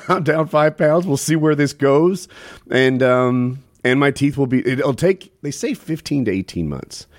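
A man's voice: mid-range voice, lively intonation, measured pace, dry recording. A man on a casual podcast explaining something in a chatty way, with many fillers. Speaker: podcast co-host. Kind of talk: casual chat.

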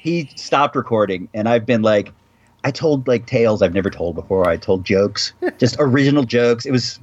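A man's voice: mid-range voice, animated, moderate pace, lo-fi sound. A man chatting on a podcast, joking and self-deprecating, laughing a lot. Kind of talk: casual chat.

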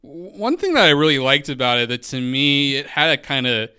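A man hosts a relaxed talk about poetry with a bright, ringing voice. He is casual and enthusiastic and swears freely. The recording is dry and close. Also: medium pitch, a little fast, clean tone, dry recording. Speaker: podcast host and interviewer.

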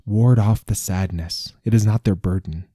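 A man's voice: fairly low pitch, moderate pace, dark tone, breathy edge, no room sound, clean studio sound. A man voicing an ancient immortal desert king who speaks in a formal, stately way. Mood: courteous.

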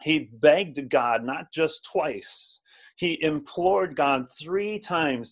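A man's voice: on the high side, lively intonation. A man preaching a sermon, often repeating words and asking the listeners to respond. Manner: halting, repeats words, asks audience to respond. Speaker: pastor. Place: streamed over video call and social media.

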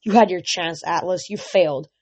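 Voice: medium pitch, normal speed, a little mellow, breathy edge. A reader voicing a cruel, arrogant Titan lord giving orders, in a dull lo-fi recording. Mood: commanding. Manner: commanding, arrogant.

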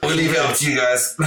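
A man co-hosting a podcast, joking and cutting in with quick short remarks. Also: a little high, bright, forceful tone, roomy sound, slight background noise. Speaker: podcast co-host. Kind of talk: casual conspiracy podcast chat.

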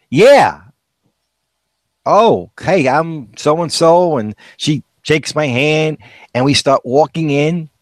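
A man's voice: medium pitch, no room sound. A man co-hosting a casual chat, telling anecdotes with chuckles and acting out quoted voices. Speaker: co-host.

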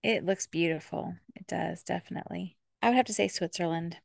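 Upbeat giggly woman asking quiz questions, gravelly edge, dry close mic. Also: lowish voice, fairly quick, no room sound. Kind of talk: casual chat.

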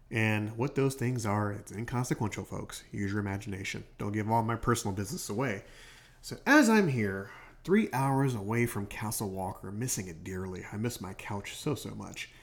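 Gravelly man telling a rambling story. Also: medium pitch. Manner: rambling, self-correcting storyteller. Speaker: podcast host. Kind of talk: casual late-night monologue. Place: hotel room. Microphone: home podcast microphone.

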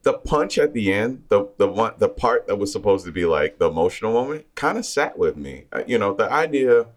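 A man with a slightly low voice talks through a film review in a halting, thoughtful way. He restarts his sentences often as he works out his point. It is casual chat between co-hosts. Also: very animated. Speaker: film podcast co-host.

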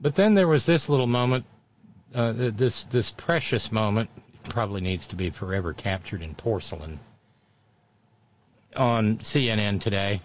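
A man's voice: on the low side, moderate pace, pauses often, dull audio. A man giving opinionated political commentary, sarcastic and scornful, calling his opponents names.

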